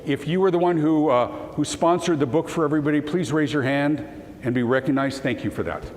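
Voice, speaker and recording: A man giving a storytelling keynote talk to an audience, animated and at times choked with emotion as he acts out the dialogue. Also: on the high side, fairly quick. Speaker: keynote speaker. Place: conference hall. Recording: hall reverb, faint room noise.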